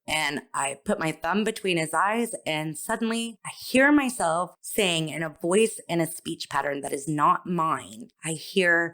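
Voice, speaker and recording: A woman podcaster telling a personal testimony in an expressive, self-deprecating way, acting out her own thoughts. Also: low-pitched, a little slow, hardly any pauses. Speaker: author and podcaster.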